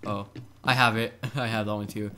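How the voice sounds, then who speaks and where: A man giving casual, excitable gameplay commentary, laughing and swearing as he plays. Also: fairly low pitch, moderate pace, a little hiss or hum. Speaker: gaming video host.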